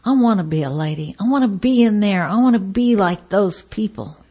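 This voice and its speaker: A woman sharing her personal recovery story at a meeting, acting out the voices of the people in it and swinging between loud outbursts and hushed asides. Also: mid-range voice, expressive, fairly quick, breathy edge.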